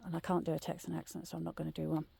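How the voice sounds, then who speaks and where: Low gravelly woman half-whispering. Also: monotone, rapid-fire. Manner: drops often into a hushed whisper. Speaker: vlogger telling ghost stories. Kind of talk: casual storytelling on a walk. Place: woodland trail outdoors at night.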